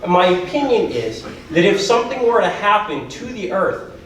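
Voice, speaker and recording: Rambling man doing stand-up, hoarse. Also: high-pitched, very animated, moderate pace, a bit bright, slight background noise. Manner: rambling, self-deprecating, easily sidetracked. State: losing his voice. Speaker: stand-up performer at a school talent show. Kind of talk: stand-up comedy storytelling. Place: school auditorium stage with audience. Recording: echoey hall recorded from far off.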